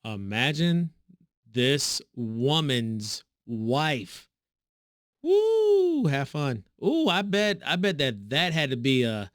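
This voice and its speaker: A man's voice: dry recording, studio quality. Sarcastic male reaction-video host. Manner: sarcastic, mocking, animated pitch swings. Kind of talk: reaction commentary.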